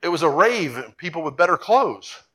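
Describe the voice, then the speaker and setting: Very animated and a little bright, a high-pitched male pastor delivers a sermon at a moderate pace, pressing his points earnestly through repetition until they rise to emphatic peaks.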